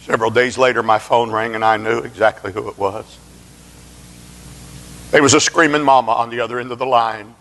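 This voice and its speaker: A man's voice: medium pitch, fairly even intonation, fairly quick, pauses often, a bit bright. A male preacher telling a story in an impassioned evangelistic sermon. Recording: long reverb of a large hall.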